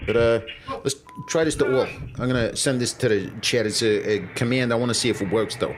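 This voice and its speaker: A man's voice: medium pitch, fairly quick, noisy background. A man hosting his own live stream in casual chat, loose and profane as he talks straight to his viewers. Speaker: streamer and show host.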